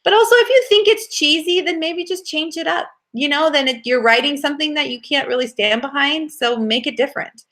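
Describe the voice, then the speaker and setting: A woman's voice: high voice, brisk, hardly any pauses, a bit bright. A woman co-hosting a casual chat about writing, enthusiastic and repeating words for emphasis. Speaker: podcast co-host, author.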